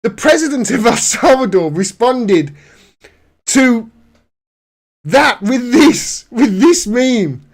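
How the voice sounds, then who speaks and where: Man, sarcastic commentary, fairly high voice, mocking news reader. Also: sing-song, slow pace, pauses often. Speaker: political commentator. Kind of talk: casual commentary reading news articles.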